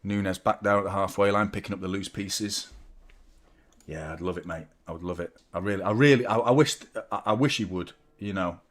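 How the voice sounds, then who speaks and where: A man hosting a live football watchalong, reacting loudly as a fan, swearing, joking and talking to viewers. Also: deep voice, a little fast. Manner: excitable, swearing, jokey fan banter, chatting to viewers. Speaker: watchalong host.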